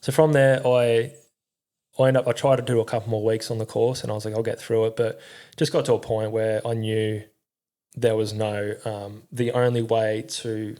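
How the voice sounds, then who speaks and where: A young man, a former soldier, telling his story in a candid interview, halting, with lots of fillers and swearing. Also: lowish voice, little pitch movement, warm tone. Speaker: podcast guest, army veteran.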